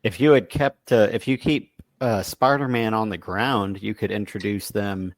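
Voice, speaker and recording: A man's voice: fairly low pitch, steady tone, normal speed, dry recording. A man co-hosting a podcast, chatting casually about films and agreeing along with short replies. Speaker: podcast co-host. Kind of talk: casual film chat.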